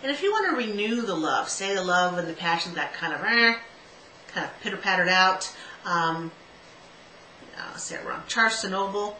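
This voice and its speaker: A woman's voice: on the low side, expressive, normal speed, pushed and bright. A middle-aged woman hosting a casual love-advice video, chatty and self-mocking, stumbling over stone names and spelling them out. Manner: self-mocking, laughs at herself. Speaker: host giving love advice. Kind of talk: casual solo video talk. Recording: echoey room with faint background hiss.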